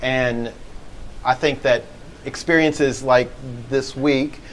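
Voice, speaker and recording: A man's voice: mid-range voice, steady tone, takes it slowly, a little hiss or hum, low-quality recording. Laughing man telling a bawdy story. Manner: laughing storyteller, goofy asides. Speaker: podcast co-host. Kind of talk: casual live podcast chat. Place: live event venue.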